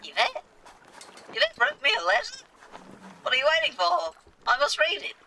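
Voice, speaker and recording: A man doing a grand, excitable sea captain from a video game, pushed high and ringing bright. He speaks in a pompous, theatrical manner. The voice is a little off the mic, with a faint hiss behind it. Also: normal speed, distant mic, low-quality recording. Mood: eager.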